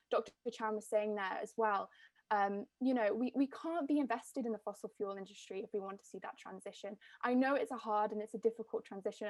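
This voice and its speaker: A woman's voice: medium pitch, creaky, no room sound. A woman with an English accent, a climate activist speaking earnestly as a panelist over a video call, with frequent fillers and restarts. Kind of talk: panel discussion.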